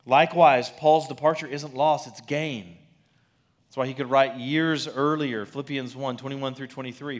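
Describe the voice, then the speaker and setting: Male pastor, mid pitch, relaxed conversational sermon delivery. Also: moderate pace. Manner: conversational, asks "right?" often, with restarts. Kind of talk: expository sermon.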